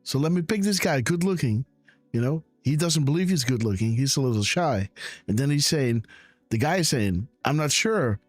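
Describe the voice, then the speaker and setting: A man hosting a live stream, reacting to a press clip with excited, mocking commentary and frequent laughter. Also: medium pitch, normal speed, no room sound, faint music behind. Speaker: host reacting to a news clip.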